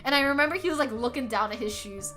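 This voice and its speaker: A young adult woman streaming from home tells her live chat a story in a bright, high voice that swoops up and down. She talks quickly, animated, laughing often and swearing freely, with faint music playing softly behind her.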